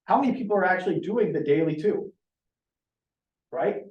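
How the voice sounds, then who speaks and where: Male team leader, earnest and direct, slightly higher voice, recorded from a distance. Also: lively intonation, normal speed, dull audio. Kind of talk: team meeting talk. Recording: roomy, from a distance.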